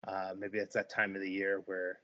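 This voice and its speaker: A man narrating a tabletop game as game master, in a halting way with many fillers. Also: deep voice, monotone, pushed and bright. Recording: dull lo-fi recording.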